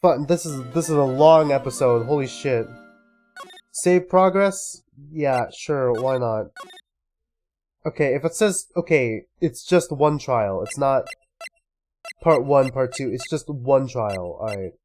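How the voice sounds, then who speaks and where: A man's voice: mid-range voice, slow, soft background music. A man streaming a game, commenting casually with lots of swearing and exasperation. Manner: profane, exasperated, animated. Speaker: let's-play streamer.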